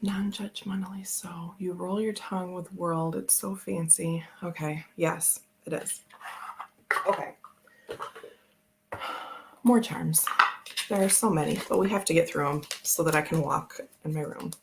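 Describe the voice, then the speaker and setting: A woman's voice: fairly low pitch, steady tone, unhurried, gravelly, long pauses, slight background noise. A woman hosting a casual tarot live stream, chatting in a rambling way and laughing often. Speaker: tarot channel host.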